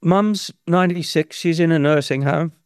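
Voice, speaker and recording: A man's voice: on the high side, normal speed, clean tone, dry recording, clean studio sound. An Australian man in his sixties telling rambling anecdotes as an interview guest, with many restarts. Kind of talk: anecdotal storytelling.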